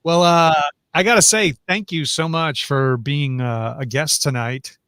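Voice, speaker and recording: A man hosting a casual chat, relaxed and halting, reading viewer questions. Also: on the high side, clear, resonant tone, no room sound. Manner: relaxed, halting, with many fillers. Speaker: host.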